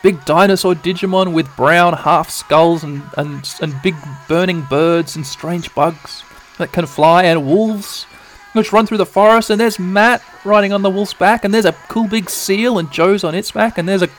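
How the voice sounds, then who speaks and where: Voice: mid-range voice, moderate pace, soft background music. A podcast narrator retelling a game's cutscenes as a bedtime story, rambling with playful asides.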